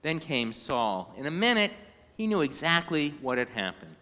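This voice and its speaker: A man reading a children's storybook aloud in a synagogue, animated and now and then singing short phrases. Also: on the high side, moderate pace, long reverb tail. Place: synagogue sanctuary.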